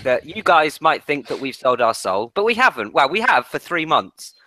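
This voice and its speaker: A man's voice: fairly high pitch, very animated, normal speed, pushed and bright. A man co-hosting a podcast, chatty and teasing as he hints at news. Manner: chatty, teasing, building up an announcement. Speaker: podcast co-host. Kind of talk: casual podcast chat.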